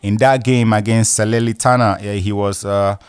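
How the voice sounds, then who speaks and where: A man with a very low voice talks through football results in a loose, rambling podcast chat. He keeps stitching thoughts together with "you know" and "uh". The sound is dry and close, with no room around it. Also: steady tone, normal speed, clean tone, no room sound.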